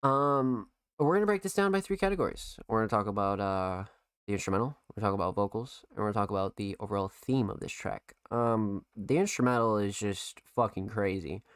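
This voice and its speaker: A man's voice: fairly low pitch, a little fast, clean tone, dry recording, clean studio sound. A young man hosting a podcast, giving a casual, profane music review full of fillers. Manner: profane, filler-heavy, enthusiastic.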